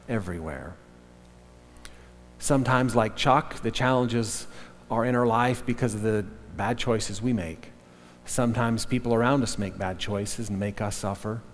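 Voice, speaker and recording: Earnest pastor telling a story. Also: male voice, fairly low pitch, moderate pace, a little hiss or hum. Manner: earnest storytelling with frequent restarts. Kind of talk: sermon storytelling. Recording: long reverb of a hall.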